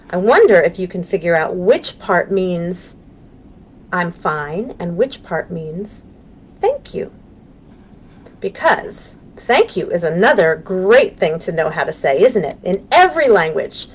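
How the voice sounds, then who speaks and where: An American woman leads a live storytime for young children with a lively, sing-song voice that rises and falls a lot. She is gentle and encouraging and pauses often with ums, speaking over a webcam. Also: on the low side, husky. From United States. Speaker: children's librarian. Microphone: webcam on a live stream.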